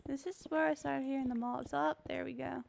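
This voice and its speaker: A woman's voice: high voice, fairly even intonation, fairly quick, gravelly, darkish tone, slight background noise. A young Australian woman streaming a game, rambling and joking at her own expense in casual chat. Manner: rambling, self-mocking and joking.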